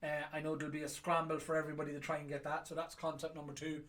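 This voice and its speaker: A man with an Irish accent and a fairly high voice chats casually as a whiskey auction host. He is jokey and rambling, with an easy, offhand way of talking. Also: completely flat delivery, rapid-fire, a loud crowd. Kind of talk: casual chat.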